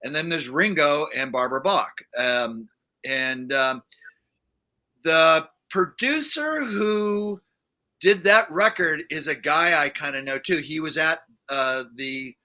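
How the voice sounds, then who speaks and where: In a livestream studio, a guest musician with a fairly high, sharp-toned voice speaks slowly. He tells a rambling story in casual chat, packed with fillers and restarts.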